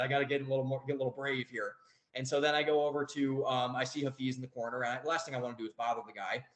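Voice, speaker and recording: A man's voice: medium pitch, fairly bright tone, roomy sound, poor audio. A young man telling a story as a podcast guest, rambling, with many fillers and restarts. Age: young adult. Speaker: guest author. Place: home office.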